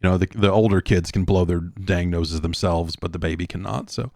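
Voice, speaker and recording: A man's voice: low voice, fairly even intonation, a little fast, darkish tone, no echo, clean studio sound. A middle-aged man hosting a podcast, rambling casually and breaking into profane rants. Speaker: podcast host. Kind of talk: casual monologue.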